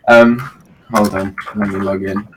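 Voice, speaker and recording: A man's voice: fairly low pitch, flat delivery, unhurried, reverberant, recorded from a distance, noisy background. A man with a British accent mixed with Latino and Portuguese tones, chatting casually and hesitantly in a voice chat. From Britain. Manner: self-conscious, hesitant with restarts.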